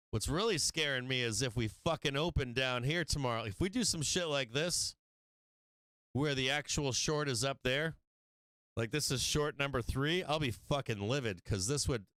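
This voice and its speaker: Laughing, foul-mouthed man with a smooth voice. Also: mid-range voice, dry recording. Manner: laughs constantly, swears freely, gets loud and excitable. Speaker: stock market live-stream host. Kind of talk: casual profane trading commentary.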